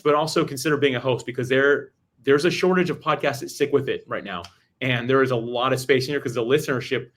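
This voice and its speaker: A man talking as a podcast guest, giving energetic advice in a rapid, emphatic way with frequent restarts. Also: medium pitch.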